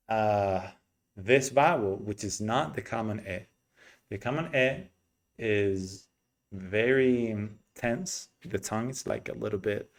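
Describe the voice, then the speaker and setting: A man teaching an English pronunciation lesson, explaining slowly and demonstrating vowel sounds by repeating them. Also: fairly low pitch.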